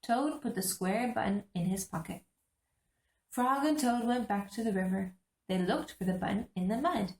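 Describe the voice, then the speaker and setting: A woman's voice: medium pitch, moderate pace, a little mellow, roomy sound. Woman reading a storybook aloud. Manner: teacherly, explains pictures. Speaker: host reading to English learners. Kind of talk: children's book read-aloud.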